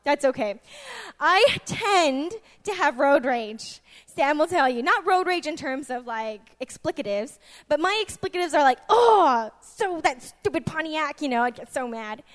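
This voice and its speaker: A woman in her twenties preaching a sermon, chatty and lively, moving from soft asides to loud, laughing bursts. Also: high-pitched, moderate pace. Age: 20s. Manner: chatty, with many restarts and fillers.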